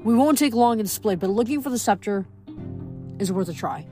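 An earnest young male demigod leader who explains things patiently and steadily, as a woman reads his lines aloud. He speaks at a middling pitch in a storybook reading with faint music behind. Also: lively intonation, normal speed, warm tone, close to an everyday voice.

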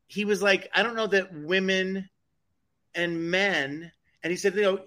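A man's voice: high voice, steady tone, measured pace, sharp tone. A man co-hosting a casual talk show, rambling through indignant commentary with frequent restarts. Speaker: co-host. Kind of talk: casual chat.

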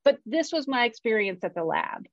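A woman's voice: fairly high pitch, wildly swooping pitch, normal speed, vocal fry, no room sound. A woman screenwriter talking candidly in conversation, frank and self-deprecating, swearing freely. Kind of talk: candid personal storytelling in conversation. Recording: dull, dry lo-fi recording.

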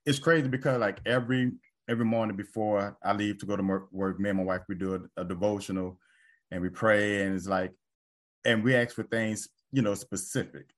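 Coach guy, kinda low voice, chill faith chat, lots of yeah and you know. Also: fairly even intonation, a little fast. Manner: agreeable, rambling, full of fillers. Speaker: basketball coach. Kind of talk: casual faith conversation.

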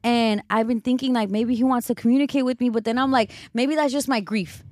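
A young woman with a Los Angeles accent co-hosts a podcast, her voice on the high side and brisk, recorded at studio quality with no echo. She's an animated storyteller in casual chat, quoting other people as she goes and using many fillers.

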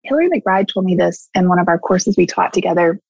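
Earnest woman therapist, raspy and breathy, dry muffled lo-fi sound. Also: on the low side, expressive, fairly quick, a little mellow, no echo. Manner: earnest, emphatic, repeats heartfelt words. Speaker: therapist guest. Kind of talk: casual conversation.

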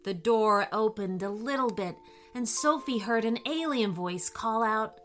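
A woman narrating a children's story in a gentle, expressive storybook manner, giving the characters little voices. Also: on the high side, unhurried, soft background music.

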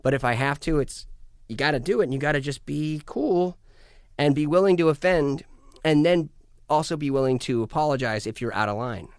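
A man chatting casually as a podcast guest, animated and jokey, cursing freely and getting loud when he plays up a bit. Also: a little high, fairly quick, clean tone, no echo, studio quality. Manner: animated, profane, jokey, swings loud for bits. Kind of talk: casual chat.

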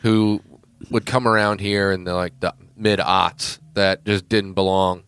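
A man's voice: deep voice, steady tone, measured pace, a bit bright, clean tone, dry recording. Man telling a story with animation. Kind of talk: casual chat.

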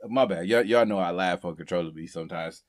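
A man's voice: low-pitched, quick pace, lightly acted. A man doing an impression of a famous rapper as a playful, easily flustered character who stammers, repeats words and laughs a lot. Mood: sheepish.

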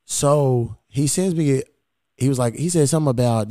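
Man, podcast host, casual storytelling, heavy swearing, mellow tone, dry close sound. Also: medium pitch, normal speed, no room sound. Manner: profane, animated retelling of quoted exchanges.

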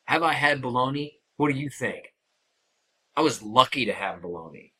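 A man's voice: mid-range voice, expressive, moderate pace, pushed and bright, a little hiss or hum. A young man from Kansas co-hosting a podcast, chatting casually with a dry, sarcastic edge and frequent swearing. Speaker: podcast co-host. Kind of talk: casual chat.

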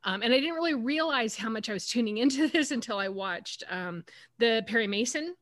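A woman's voice: on the high side, animated, fairly quick, fairly bright tone, dry recording. A woman co-hosting a podcast, talking through her thoughts in long, winding sentences. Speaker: podcast co-host. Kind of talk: casual chat.

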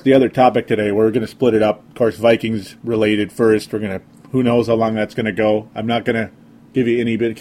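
Minnesota guy rambling on his sports podcast, kinda sarcastic, mellow dark voice. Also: fairly low pitch. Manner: rambling, sarcastic, frequent fillers. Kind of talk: casual sports podcast monologue.

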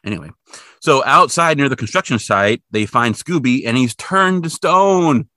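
A man casually recapping a cartoon episode for a podcast, joking and acting out the characters in squeaky voices. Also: normal speed, no echo, clean studio sound. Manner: animated, jokey, acts out characters in high squeaky voices. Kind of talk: casual chat.

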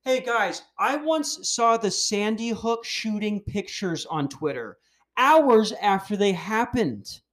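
Man, podcast host, casual rant, profane, animated, fairly high voice. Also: takes it slowly. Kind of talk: casual ranting monologue.

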